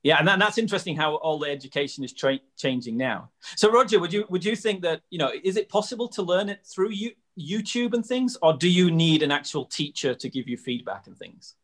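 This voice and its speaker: A male host with a slightly raised voice leads an easygoing chat. He asks questions with curiosity and works through his thoughts out loud. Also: a little high, expressive, a little fast, hardly any pauses. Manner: inquisitive, thinking aloud. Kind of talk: casual interview chat.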